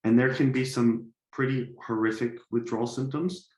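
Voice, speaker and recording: A man hosting a podcast interview who explains his own experience in a measured way. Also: medium pitch, fairly even intonation, a little mellow. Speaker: podcast host. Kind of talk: conversational interview. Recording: echoey room.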